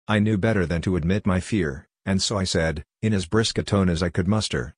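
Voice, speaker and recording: A man narrating a scripted horror story in a measured, solemn first-person telling. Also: low-pitched, breathy edge, dry recording.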